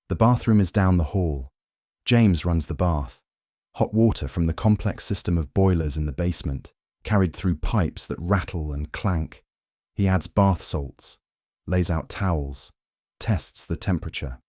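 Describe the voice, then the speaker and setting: A man narrating a history story for sleep in a calm, slow, soothing scripted style. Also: sits low, no room sound, clean studio sound.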